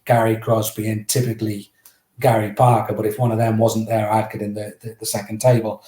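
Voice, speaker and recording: A man in his fifties, a former footballer and podcast guest, telling lively anecdotes that climb to excited retellings. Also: medium pitch. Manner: animated, builds up to raised excited retellings. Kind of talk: anecdotal storytelling. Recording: roomy echo.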